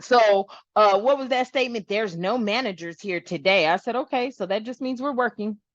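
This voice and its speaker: A woman hosting a spiritual channel, talking casually to her viewers in an animated, rambling way and swearing freely. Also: medium pitch, normal speed, no room sound, highs cut off.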